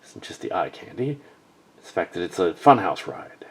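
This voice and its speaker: A young man improvising deadpan voice acting for a fan-film parody, with muttered asides. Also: deep voice, a little fast, slightly rough.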